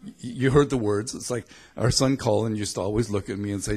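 Low husky-voiced middle-aged preacher. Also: male voice, a little fast, a little mellow. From Belfast, Northern Ireland. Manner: reflective, thinking aloud with restarts. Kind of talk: conversational sermon.

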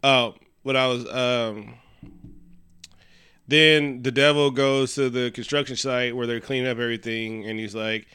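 A man with a bright, crisp voice, recapping a film for a casual podcast chat. He tells the story in an animated way and drops into quick character voices. The sound is close and dry. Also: medium pitch, no echo. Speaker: podcast co-host.

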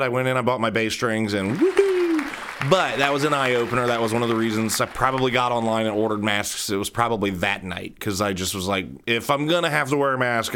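The voice is medium in pitch, pushed and bright, clear and resonant, belonging to an adult man. He hosts his own podcast out of central Ohio, drifting through a casual solo monologue with plenty of jokes about himself.

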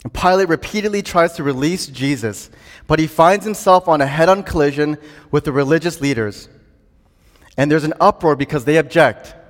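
A man's voice: a little high, normal speed. A man preaching a sermon earnestly, building to emphatic declarations. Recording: long hall reverb.

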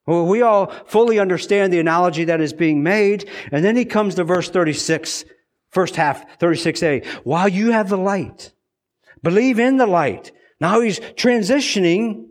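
A man with a fairly high voice preaching a sermon. He talks earnestly and often repeats words as he drives each point home. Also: moderate pace.

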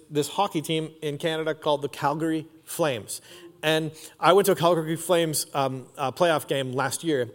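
High-voiced preacher man in a reverberant hall. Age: 40s. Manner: casual, slangy storytelling with lots of "like" and "dude". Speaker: pastor. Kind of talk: sermon. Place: church auditorium. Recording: long reverb of a large hall.

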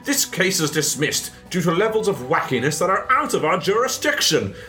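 A pompous trial judge, as a man puts him on for a comedy bit. He speaks higher than usual with grand, mock-serious weight, his pitch rising and falling theatrically. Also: very animated, normal speed, sharp tone, faint music behind, exaggerated voice. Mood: mock-solemn.

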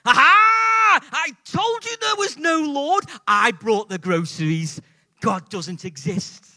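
A man voicing an angry atheist neighbor in a joke, shouting in triumph. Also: extremely high pitch, lively intonation, takes it slowly, pitched above the performer's own voice, full character voice. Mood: gloating. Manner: gloating shouts.

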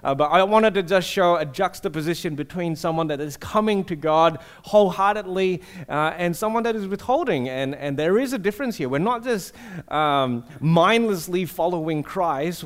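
A man's voice: high voice, lively intonation, normal speed. A man, preaching a casual sermon that tells stories and asks the audience questions. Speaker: pastor. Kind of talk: conversational sermon.

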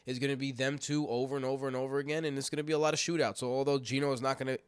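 A man's voice: mid-range voice, flat delivery, very fast, smooth, no room sound. A man with a cold hosts a casual sports chat, loose and joking in his talk. His voice sits in a middle range and sounds dry and close on the mic. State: sick with a cold. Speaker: podcast host. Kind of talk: casual fantasy football chat. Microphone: computer microphone.

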